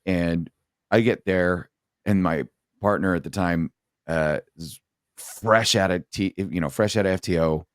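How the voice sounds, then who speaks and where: Middle-aged ex-sergeant guest, very deep voice, blunt and profane, telling stories from the job. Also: male voice, unhurried, clear, resonant tone, dry recording, clean studio sound. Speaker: former police sergeant, podcast guest. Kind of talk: casual storytelling in a podcast chat.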